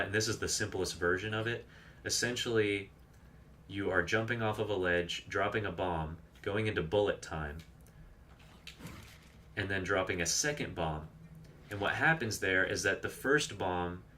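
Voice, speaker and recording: Male streamer, deep voice, chatty and rambling, casual live gameplay talk. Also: bright, forceful tone, a little hiss or hum. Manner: chatty, rambling, reads chat aloud and explains game tricks.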